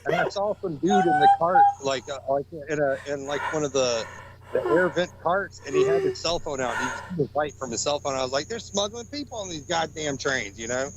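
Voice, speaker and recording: A man calling in to a talk show, telling a halting story while laughing. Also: a little high, wildly swooping pitch, heavy background noise. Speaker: caller.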